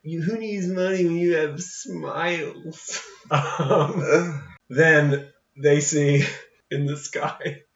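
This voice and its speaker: Animated man chatting, slightly high voice. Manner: animated, acts out characters' lines in quick voices, swears casually. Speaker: podcast co-host. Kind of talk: casual movie-discussion chat. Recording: echoey room, distant mic, dull lo-fi sound.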